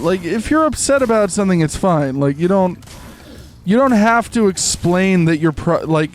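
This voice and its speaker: This young streamer talks casually to his audience during gameplay, wandering from point to point with plenty of fillers. His high-pitched, expressive voice moves at normal speed over a little hiss or hum.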